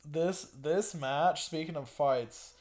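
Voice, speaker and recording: Man, podcast co-host, casual banter, swears, stammers, drawn-out delivery. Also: a little high, darkish tone. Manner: swearing, mock trash talk, stammering restarts.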